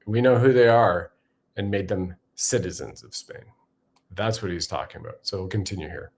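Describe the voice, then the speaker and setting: A man's voice: low voice, normal speed, creaky, a little mellow. A man hosting a political commentary show, talking emphatically and conversationally with frequent fillers. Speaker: show host.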